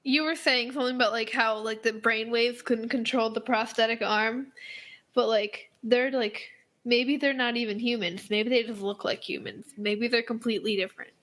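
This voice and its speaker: A teenage girl in casual chat, talking in an animated, rambling way with many fillers and restarts. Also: a little high, normal speed. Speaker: co-host.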